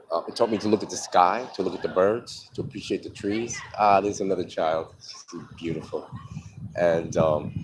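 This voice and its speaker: A middle-aged man with a deep, low voice tells a personal story live, candid and rambling, swearing freely. He is outdoors by a street, speaking into a phone, and passing vehicles rumble clearly behind him.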